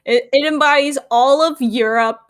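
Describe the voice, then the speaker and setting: A woman co-hosting a casual cartoon recap, playful and prone to excited outbursts. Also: sits high, moderate pace, a crowd in the background. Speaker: podcast co-host.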